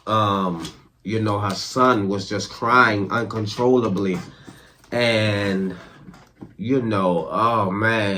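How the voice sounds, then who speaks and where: A man's voice: fairly low pitch, a bit bright, slight background noise. A man hosting a podcast, talking loosely in casual commentary. He rambles and keeps checking in with the listener. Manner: loose and slangy, with constant check-ins to the listener; rambling, with restarts. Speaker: podcast host.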